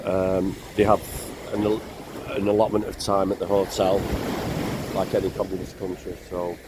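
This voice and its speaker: An older man with a blocked nose, talking slowly and plainly in a casual travel vlog by the sea. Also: sits low, monotone. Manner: slow, rambling, plain-spoken. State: congested, bunged up. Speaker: vlogger. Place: outdoors by the sea. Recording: noisy outdoor recording.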